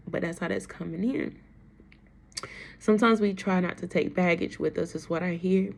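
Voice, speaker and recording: A woman's voice: on the low side, creaky. A woman giving a casual, emotional tarot reading on a livestream, chatting straight to her viewers. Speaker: tarot reader.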